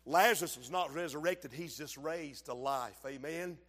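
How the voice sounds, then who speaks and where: Fervent high-voiced preacher. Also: male voice, moderate pace. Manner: fervent preaching, swells to shouts and drops low, calls to the congregation. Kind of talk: sermon. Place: church sanctuary. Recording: long hall reverb.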